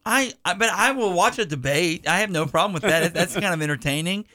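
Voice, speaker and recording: A man's voice: high voice, expressive, fairly quick, sharp tone, dry recording. A man hosting a podcast in casual chat, rambling with restarts and side jokes. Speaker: podcast host.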